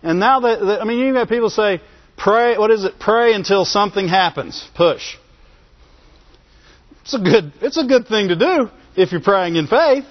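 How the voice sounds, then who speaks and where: High-voiced preacher asking "Amen?". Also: male voice, animated, normal speed. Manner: asks the congregation for call-and-response "Amen?"; repeats phrases for emphasis and chuckles between points. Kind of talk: sermon. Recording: dull lo-fi sermon recording.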